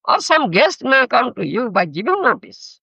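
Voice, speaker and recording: Here the spiritual teacher, an older man from Odisha, India, with an Odia accent, delivers a sermon at a moderate pace, stopping to ask "you understand?" and to explain terms. His voice is extremely high, very animated, gravelly and husky, bright and forceful. There's no echo on this dull lo-fi archive recording.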